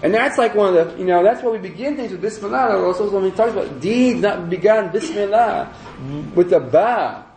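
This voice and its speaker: A man's voice: sits high, lively intonation, brisk, darkish tone. A man teaching a religious lecture to an audience, talking in a loose, conversational way with joking asides. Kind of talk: lecture with humor. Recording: roomy echoey lecture room.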